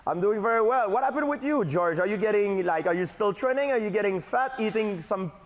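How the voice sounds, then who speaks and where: A man's voice: a little fast, long reverb tail. A man with a French-Canadian accent mimicking a talk show host over the phone, playful and full of fillers. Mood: teasing. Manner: high, animated, hesitant with many fillers. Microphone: telephone.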